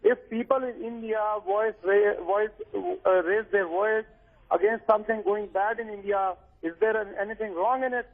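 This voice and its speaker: A man from Pakistan calling in to a TV news debate, talking in halting, insistent bursts with many restarts. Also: sits high, fairly even intonation. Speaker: phone-in guest. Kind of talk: heated TV panel debate. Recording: tinny phone line.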